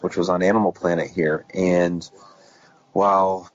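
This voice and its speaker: A man's voice: low voice, steady tone, a little slow, highs cut off. A man answering interview questions, hesitant with lots of fillers. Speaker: guest author and investigator.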